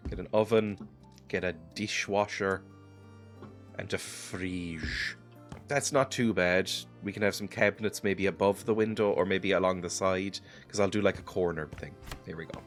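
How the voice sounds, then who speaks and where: A sick man giving rambling, self-mocking commentary while playing a game, chuckling often. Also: low-pitched. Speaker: gaming video host. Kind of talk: casual let's-play commentary.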